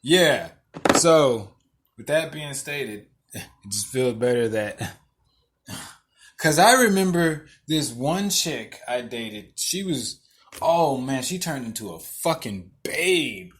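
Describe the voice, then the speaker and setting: A man's voice: medium pitch, animated, slow pace. A young adult man hosting a podcast, telling blunt, profane stories in a casual monologue and often laughing through them. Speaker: podcast host.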